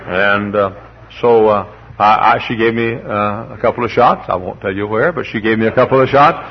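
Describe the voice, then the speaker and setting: A man's voice: fairly low pitch, moderate pace, dull audio, a little hiss or hum. A man preaching a sermon as pastor, rambling and humorous, repeating words as he tells stories and then rising to emphatic preaching. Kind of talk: sermon with folksy storytelling.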